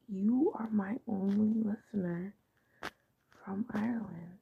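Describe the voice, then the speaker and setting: Slow, gravelly, half-whispering woman. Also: medium pitch, steady tone, narrow, tinny audio. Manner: soft, often half-whispered, rambling. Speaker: podcast host. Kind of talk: casual chat.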